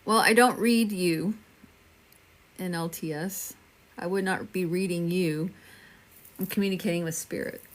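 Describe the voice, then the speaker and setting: A woman's voice: fairly low pitch, steady tone, unhurried, pauses often. A woman in her fifties from Texas, hosting a casual livestream and chatting reassuringly with viewers by name. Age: 50s. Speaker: livestream medium host. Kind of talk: casual livestream chat answering viewer comments.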